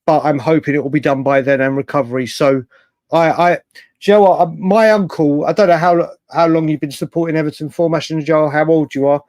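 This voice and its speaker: A man's voice: on the high side, steady tone, a little fast, darkish tone, no echo. Chatty man hosting a late-night fan stream. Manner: rambling, with frequent restarts and fillers. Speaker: host of a fan livestream. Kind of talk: casual live chat reading viewer comments.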